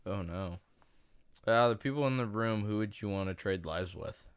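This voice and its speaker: A woman's voice: very deep voice, moderate pace, clean tone. A young woman hosting a casual podcast chat, blunt and teasing, swearing freely as she coaxes her sister. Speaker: podcast host.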